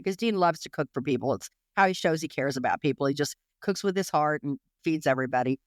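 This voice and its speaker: A woman's voice: sits low, expressive, dry recording, studio quality. A woman guest in an interview, recounting her experiences in a candid, emotional way with many restarts and fillers. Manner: rapid, emotional, full of restarts and "you know".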